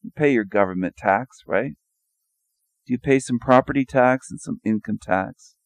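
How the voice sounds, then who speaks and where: A man's voice: medium pitch, moderate pace, no echo. A man giving a sarcastic, mocking monologue over images, firing rhetorical questions and repeating his phrases. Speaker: video commentator.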